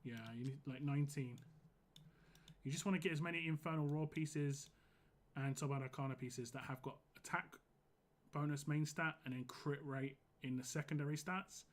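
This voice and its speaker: A hoarse man streaming a game live, giving casual, rambling commentary full of "like". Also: a little high, fairly even intonation, moderate pace. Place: home gaming setup.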